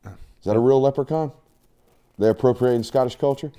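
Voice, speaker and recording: A man's voice: mid-range voice, a little fast, dark tone, muffled recording. A man hosting a casual sports show, joking and teasing his co-hosts.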